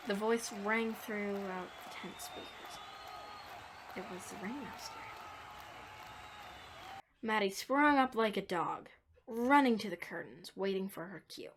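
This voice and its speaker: A woman narrating a dark story, moving between hushed whispers and emphatic lines. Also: mid-range voice, a little slow, pauses often, background noise.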